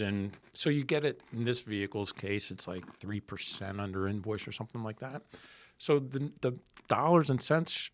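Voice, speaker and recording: A man co-hosting a casual podcast, telling a personal story in halting bursts with many restarts. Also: medium pitch. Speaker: podcast co-host.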